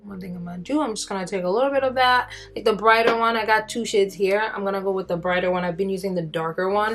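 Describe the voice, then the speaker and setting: A woman's voice: medium pitch, fairly bright tone. Chatty woman doing a makeup tutorial. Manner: chatty, rambling, with fillers and self-deprecating asides. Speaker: beauty vlogger. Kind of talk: casual makeup tutorial chat.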